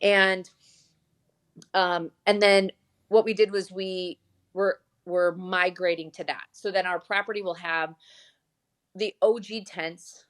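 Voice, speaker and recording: A woman's voice: on the low side, fairly even intonation, slow pace, pauses often. A woman who owns a glamping site, chatting in an interview and telling stories with many restarts. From Michigan, USA. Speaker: glamping site owner, guest. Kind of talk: casual interview chat.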